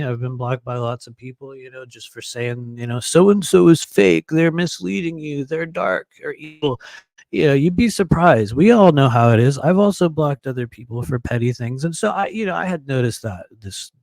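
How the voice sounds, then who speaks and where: A man telling a long personal story in a casual monologue, rambling and filling pauses with "you know" and frequent laughs. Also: mid-range voice, darkish tone, no room sound. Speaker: podcast host telling a story.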